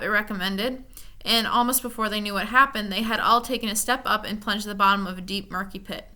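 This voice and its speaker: A woman reading a children's novel aloud with expressive storytelling. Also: medium pitch, fast. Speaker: reader.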